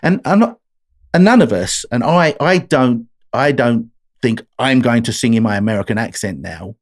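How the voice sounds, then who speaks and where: A man's voice: medium pitch, animated, moderate pace, dry recording, studio quality. A man from England with an English accent, a singer-songwriter chatting as an interview guest and explaining his thinking at length with many restarts. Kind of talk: casual interview chat.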